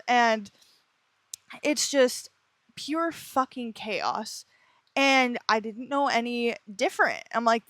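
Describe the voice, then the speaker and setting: A woman's voice: fairly high pitch, no room sound. Candid young woman telling her story. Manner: candid, rambling, swears freely. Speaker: podcast host. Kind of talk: casual personal storytelling. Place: indoors while it rains outside.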